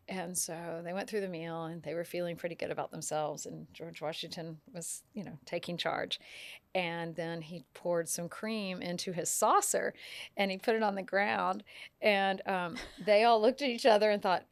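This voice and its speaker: A woman, an etiquette expert guest on a talk show, telling stories in an animated way and acting out the quotes. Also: lowish voice, normal speed, dry recording. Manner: animated storyteller, acts out quotes. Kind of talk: casual chat.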